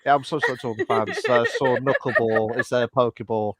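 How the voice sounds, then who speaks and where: A man co-hosting a casual live podcast, rambling through his points with lots of fillers and quick apologies. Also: medium pitch, steady tone, crowd noise. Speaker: podcast co-host.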